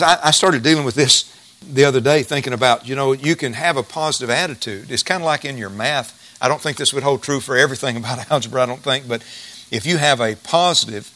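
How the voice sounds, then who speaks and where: A man's voice: medium pitch, bright, forceful tone. A middle-aged male pastor preaching a sermon in a folksy, emphatic way, repeating key phrases.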